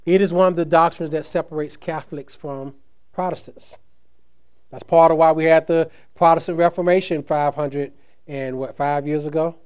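A male pastor delivering a sermon in a slightly raised voice. He stresses key phrases slowly and lets his phrase endings fall away quietly. Between the scripture passages he slips into relaxed asides with fillers. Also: a little high, clear, resonant tone. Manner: preaches with slow emphatic stresses and trailing soft phrase endings.

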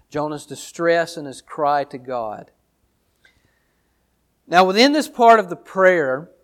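A man's voice: a little high, a bit bright. A man pastor reading scripture and then explaining it verse by verse in an earnest teaching tone, often repeating phrases. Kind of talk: sermon, Bible reading and exposition.

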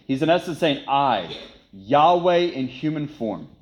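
A man's voice: mid-range voice, big pitch swings, measured pace, poor audio. A man preaching a sermon, emphatic and repetitive, who poses rhetorical questions and then answers them. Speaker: pastor.

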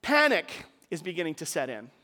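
A man's voice: a little high, wildly swooping pitch, a little fast, pushed and bright, big-room sound. A man preaching a sermon, telling a story in a conversational way with casual asides to the congregation.

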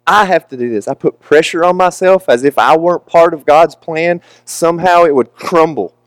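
A man's voice: a little high, moderate pace, no echo. A young man preaching a candid, emotional, confessional sermon with casual asides.

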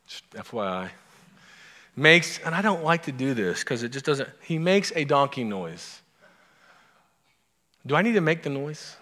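A pastor giving a sermon in a casual, storytelling way, breaking off for asides to the congregation. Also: male voice, a little high, a bit bright. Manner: conversational, self-interrupting storyteller with asides to the congregation. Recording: long hall reverb.

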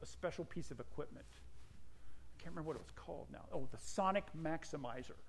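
A male pastor delivers a sermon in a slightly high voice. He tends to let his voice fall away at the moments he means to stress, then grows lively and self-mocking as he tells a story about himself. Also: brisk, vocal fry, a little hiss or hum. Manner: drops his voice at points of emphasis; animated storytelling with self-deprecating asides.

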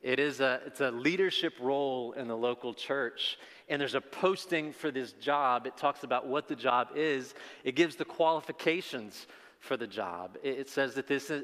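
A man's voice: mid-range voice, sharp tone, big-room sound. A man preaching a sermon as pastor, telling a folksy joke story with self-deprecating asides before moving into the text.

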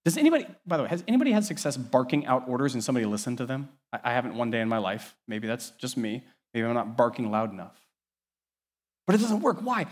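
Male pastor preaching a sermon, middle-pitched voice, lively, moves from quiet asides to punchy emphasis. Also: quick pace, husky. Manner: animated, varies loudness widely, conversational asides.

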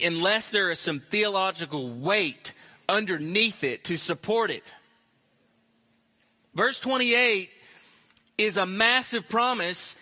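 Male pastor, emphatic sermon delivery, high and sharply bright tone. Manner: emphatic, repeats phrases for stress.

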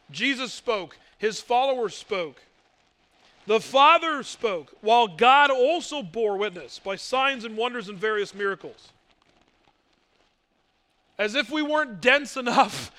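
A man's voice: very high voice, bright, forceful tone. A male pastor preaching a sermon, emphatic, asking rhetorical questions and mimicking doubters.

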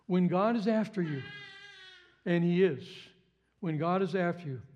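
High-voiced guy preaching, fired up, says stuff twice, pops off with loud "what?"s. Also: expressive, unhurried, lo-fi sound, slight background noise. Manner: impassioned, repeats phrases, jumps to high exclamations. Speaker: pastor. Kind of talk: sermon.

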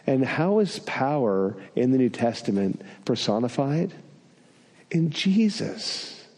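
A man's voice: medium pitch, big pitch swings, a little slow, dark tone, big-room sound. A man preaching a sermon, telling a personal story with self-deprecating humor.

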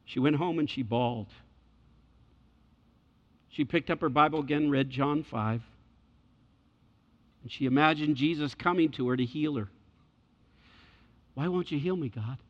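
A man preaching a sermon and telling a story, swinging between loud passages and hushed ones. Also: fairly high pitch, moderate pace, long pauses. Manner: dramatic shifts between loud and hushed delivery. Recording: echoey hall, dull lo-fi sound.

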